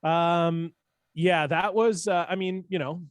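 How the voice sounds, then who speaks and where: A man's voice: on the high side, steady tone, takes it slowly, no room sound. A man hosting a live podcast, chatting casually with dry, joking asides. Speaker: podcast host.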